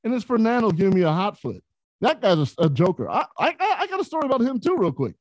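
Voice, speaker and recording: A man telling casual stories as a podcast guest, his pitch sitting a touch high and swinging widely as he gets animated. The sound is dry and close, with no room echo. He laughs easily between lines. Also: fast. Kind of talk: casual storytelling.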